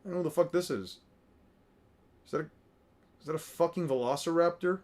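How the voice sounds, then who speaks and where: A man's voice: on the high side, fairly quick, a little mellow. Profane young man muttering commentary. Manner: profane, rambling, mutters names as he scans. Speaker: streamer reacting to artwork. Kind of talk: casual commentary.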